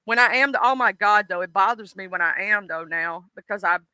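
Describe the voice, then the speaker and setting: A man with a Southern US accent hosting a casual stream chat, animated and swearing freely. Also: high-pitched, fairly quick, clear, resonant tone, no room sound. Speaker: stream host.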